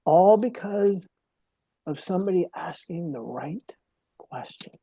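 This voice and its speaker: A middle-aged man, a guest on a podcast, telling personal stories in an earnest, emotional way, sometimes dropping to a hush. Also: high-pitched, lively intonation, measured pace, creaky, breathy edge, no echo. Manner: earnest, emotional storyteller, drops to a hushed voice at moments. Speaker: podcast guest, mental health speaker. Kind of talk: personal storytelling in an interview.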